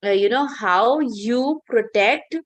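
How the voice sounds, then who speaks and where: A woman voicing gracious demigods who speak gently and respectfully to a king. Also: a little high, takes it slowly, no room sound. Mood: gentle. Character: gracious demigods revealing themselves, speaking together.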